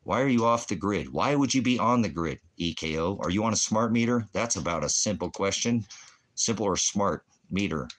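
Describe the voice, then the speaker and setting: A man's voice: on the low side, expressive, normal speed, fairly bright tone. A man hosting a ministry stream, ranting in a rambling, combative way, full of puns and profanity. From Oregon, USA. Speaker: ministry host.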